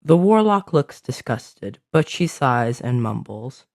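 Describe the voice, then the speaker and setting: A man's voice: medium pitch, sing-song, slow pace, a little mellow, no room sound, studio quality. A man narrating a fantasy adventure story, describing scenes with small slips.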